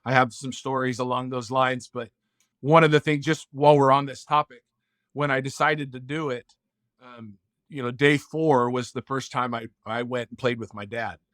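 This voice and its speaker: A man's voice: mid-range voice, steady tone, moderate pace, a bit bright, no room sound, studio quality. A man as a podcast guest, telling a personal story in an earnest, heartfelt way and acting out bits of dialogue. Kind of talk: casual interview storytelling.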